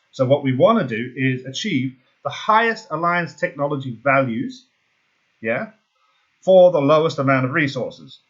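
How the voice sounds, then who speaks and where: A man explaining game strategy in a casual walkthrough, excitable and jokey, thinking aloud as he works out numbers. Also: mid-range voice, highs cut off. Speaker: gaming YouTuber.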